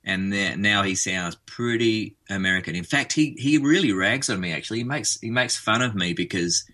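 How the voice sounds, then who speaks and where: A man's voice: on the low side, moderate pace, sharp tone. An Australian man, a musician guest in a casual radio interview, chatting in a rambling way with frequent restarts.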